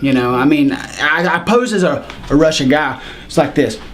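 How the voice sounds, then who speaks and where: A man speaking as a wrestler in an in-character promo, rambling and halting at first, then boastful. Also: a little high, expressive.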